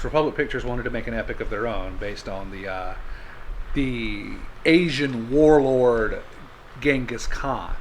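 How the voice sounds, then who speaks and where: A man's voice: medium pitch, slight background noise. A man hosting a podcast, telling stories in casual chat, joking and laughing often. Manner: storytelling, jokey, laughs often. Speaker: podcast host.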